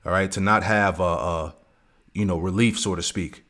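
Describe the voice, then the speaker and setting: A man giving a scripture lesson, reading verses slowly and peppering his talk with "man" and "all right". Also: low voice, steady tone, fairly bright tone. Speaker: religious teacher.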